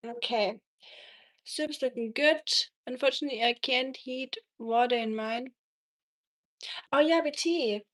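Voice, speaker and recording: A woman's voice: high voice, unhurried, long pauses, fairly bright tone. A young woman hosting a casual cooking live stream, chatting with viewers and reading their messages aloud, from Germany. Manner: chatty, reads chat aloud, frequent ums.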